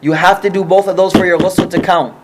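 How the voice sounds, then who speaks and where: A man's voice: high voice, steady tone, a little fast, noisy background. A man teaching an informal religious study class, explaining patiently and checking often that the group follows.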